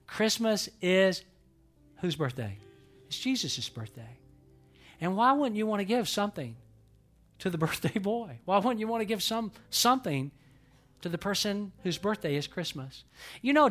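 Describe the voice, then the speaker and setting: A male pastor preaching a sermon, emphatic, swinging between loud pushes and quiet asides. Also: high voice.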